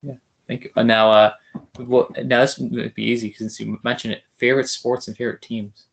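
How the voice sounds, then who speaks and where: A man's voice: medium pitch, flat delivery, a little fast, vocal fry. Eager young man hosting a podcast. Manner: eager, starstruck, soft-spoken asides. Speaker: podcast host. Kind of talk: casual interview.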